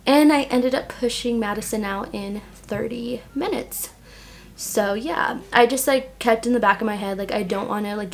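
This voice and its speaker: A young woman with a slightly raised voice chatting to her viewers as she does her makeup. She rambles and leans on "like", and acts out what people said to her as she retells the story. It sounds like an easy, personal get-ready-with-me vlog. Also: fairly high pitch. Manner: chatty, heavy use of "like", animated retelling. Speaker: vlogger.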